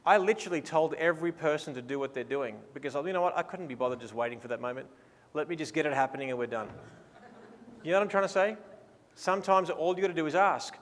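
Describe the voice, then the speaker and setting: A man's voice: a little high, fast talker, big-room sound. An Australian man presenting a photography seminar in a casual, enthusiastic, playful way, mixing talk with live posing directions.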